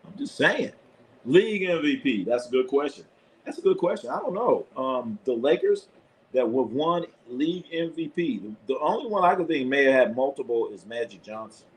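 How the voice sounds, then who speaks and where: A man's voice: medium pitch, animated, moderate pace, slight background noise. A man hosting a live sports stream, talking loosely in casual chat, blunt and profane, laughing often. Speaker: sports show host.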